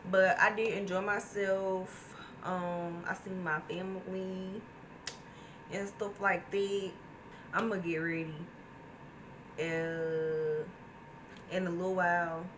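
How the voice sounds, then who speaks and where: A young woman in her twenties casually vlogging, chatty and venting about her day, sometimes cursing at traffic. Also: fairly low pitch. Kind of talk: casual vlog chat. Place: in a car, then at home.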